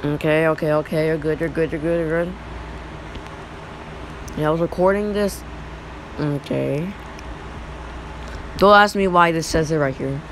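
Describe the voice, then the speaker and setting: A young male YouTuber in his teens giving rambling, excitable reaction commentary over old photos. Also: a little high, a little slow, long pauses, noisy background. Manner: rambling, excitable, repeats "look".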